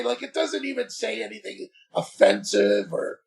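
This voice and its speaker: High, gravelly man telling a story. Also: normal speed. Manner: animated, exasperated retelling with quoted dialogue. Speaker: podcast guest. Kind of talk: casual storytelling.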